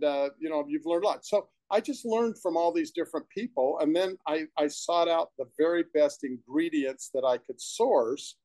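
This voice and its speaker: Mellow-voiced man telling a rambling story. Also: on the high side, no room sound. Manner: rambling, enthusiastic, with restarts and asides. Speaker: supplement company founder, guest. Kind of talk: casual interview storytelling. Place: his own room at home.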